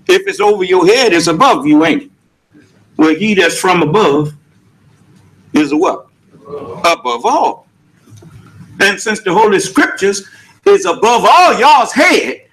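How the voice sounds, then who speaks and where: Preaching with emphasis, this man leans on rhetorical questions and everyday vernacular in Southern US Black English. His voice sits high and a little bright, and the recording is rough.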